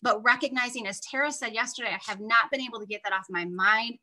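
A woman's voice: fairly high pitch, fast, bright, forceful tone, rough recording. A woman leading a morning Bible study, teaching in an earnest, heartfelt and conversational way. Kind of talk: devotional teaching.

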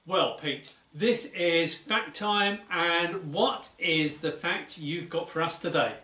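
A man's voice: a little high, takes it slowly, sharp tone. A man hosting a children's church show, delivering announcements and comic sketch lines in a mock-earnest, playful way. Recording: roomy, mic at a distance.

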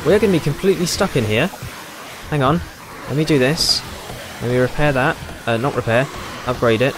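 A man's voice: medium pitch, brisk, background noise. A young British man with a British accent giving casual, chatty, self-mocking commentary while playing a game. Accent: British English. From Britain. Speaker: gaming YouTuber.

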